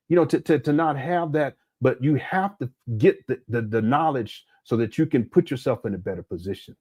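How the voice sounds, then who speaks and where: A man hosting a casual live-stream commentary, talking in a rambling, animated way with frequent restarts and crude language. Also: medium pitch, a little fast, few pauses, breathy edge. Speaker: commentary channel host.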